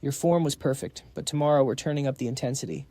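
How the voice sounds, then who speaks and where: A man's voice: medium pitch, quick pace, warm tone, no room sound, studio quality, natural voice. A man reading as a sassy young female coach. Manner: sassy and teasing.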